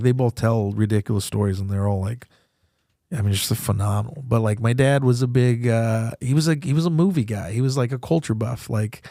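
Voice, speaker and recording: A man's voice: mid-range voice, a little mellow, no echo, clean studio sound. A young man, a comedian and podcast host, talking candidly and profanely about grief, rambling and laughing through it. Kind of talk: candid casual talk.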